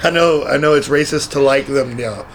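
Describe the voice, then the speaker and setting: A man's voice: medium pitch, normal speed, a little hiss or hum. A man co-hosting a podcast, laid-back and laughing often in casual chat. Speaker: podcast co-host.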